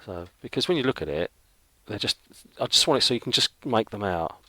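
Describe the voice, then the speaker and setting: A man's voice: fairly low pitch, lively intonation, brisk, pushed and bright. A middle-aged man who chats casually while drawing, rambling and thinking aloud with lots of fillers. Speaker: illustrator.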